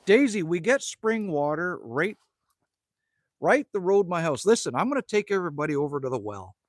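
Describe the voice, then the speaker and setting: A man's voice: sits high, big pitch swings, moderate pace, no echo. A middle-aged man from Canada hosting a casual live stream outdoors at his rural cabin, ranting, joking and greeting viewers by name. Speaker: livestream host.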